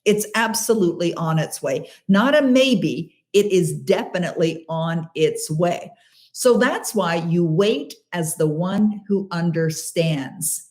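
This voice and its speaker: Hosting a live Q&A program, this Canadian woman in middle age speaks in a fairly low register with a dark tone. Her coaching of callers is forceful yet supportive, and she drives points home by saying important phrases again.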